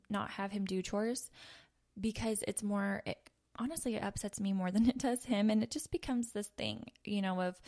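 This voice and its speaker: A woman's voice: medium pitch, creaky, a little mellow. A woman in her thirties giving a casual, earnest devotional talk with many fillers. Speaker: podcast host. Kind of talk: conversational devotional teaching.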